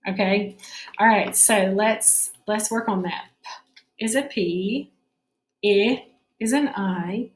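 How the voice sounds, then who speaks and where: A woman's voice: mid-range voice, roomy sound. Woman teacher sounding out spelling. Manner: patient, sounds words out slowly. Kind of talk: spelling lesson for children.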